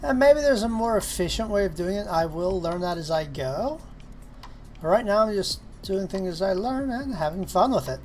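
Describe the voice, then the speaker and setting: A woman's voice: medium pitch, expressive, darkish tone, slight background noise. A woman streaming casually as she works, talking herself through steps and chatting to her cat. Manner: slow, self-talking, talks fondly and exasperatedly to her cat. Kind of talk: casual live-stream chat while 3D modeling.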